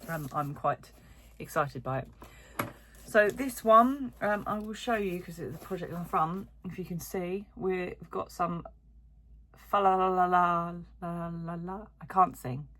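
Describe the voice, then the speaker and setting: A woman's voice: fairly low pitch, lively intonation, unhurried, a bit bright, slightly rough. A woman chatting casually as she unboxes yarn on her crochet vlog, rambling with lots of little asides. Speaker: crochet vlogger. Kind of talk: casual chat while unboxing.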